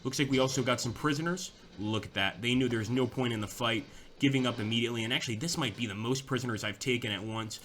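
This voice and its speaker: Bright-voiced young man narrating a war game. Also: mid-range voice, fast talker, few pauses, a little hiss or hum. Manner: chatty, thinking aloud with fillers and restarts. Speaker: gameplay commentator. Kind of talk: casual gameplay commentary.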